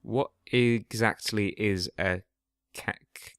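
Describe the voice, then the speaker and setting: A man's voice: on the low side, moderate pace, a bit bright, no room sound. A young British man co-hosting a podcast, dry and curious, asking playful questions. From Britain. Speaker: podcast co-host. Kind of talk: casual chat.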